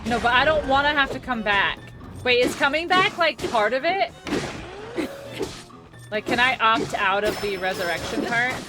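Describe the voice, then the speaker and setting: A woman in her thirties chats casually while streaming a game, her voice a little high and animated at a moderate pace with long pauses, music playing underneath. She rambles, giggles often, and leans heavily on the word "like."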